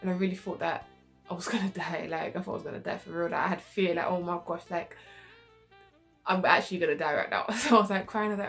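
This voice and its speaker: A woman's voice: fairly low pitch, quick pace, gravelly, soft background music. A young woman telling a casual storytime, acting out her own quoted reactions. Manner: animated, acts out quoted reactions. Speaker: vlogger.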